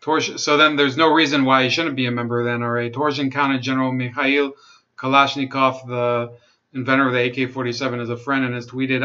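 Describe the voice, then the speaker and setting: A man giving casual commentary, reading an article aloud and rebutting it with halting restarts and wry asides. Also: medium pitch, pushed and bright. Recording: dull lo-fi sound.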